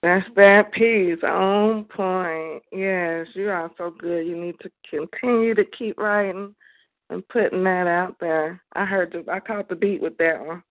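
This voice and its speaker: A woman hosting a live poetry call-in show, encouraging and unhurried as she talks with callers. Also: fairly low pitch, steady tone, dry recording. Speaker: host of an online poetry show. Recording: dull, lo-fi online stream.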